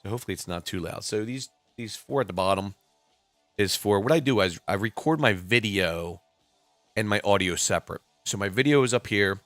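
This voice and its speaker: Give me a laid-back man in his forties with a very low voice, chatting loosely on a stream over quiet music. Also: brisk, dry recording. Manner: rambling and laid-back, swears casually. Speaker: reptile keeper and live streamer. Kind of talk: casual live-stream chat. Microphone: computer mic at a desk. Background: faint background music.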